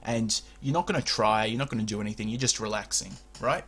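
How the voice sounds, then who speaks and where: A man's voice: lowish voice, fast. A man hosting a comedy podcast, joking and laughing often as he chats. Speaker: podcast host. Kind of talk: casual comedy podcast chat.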